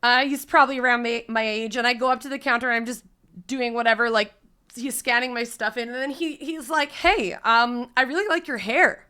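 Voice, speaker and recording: A woman streamer casually telling a story to her chat, animated and swearing freely. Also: a little high, fairly quick, clean tone. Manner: animated, swears freely, breaks into loud laughs.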